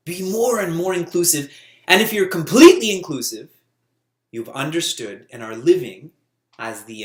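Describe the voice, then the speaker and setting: A man giving a spiritual talk as a teacher, lively and often laughing as he tells stories. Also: a little high, reverberant.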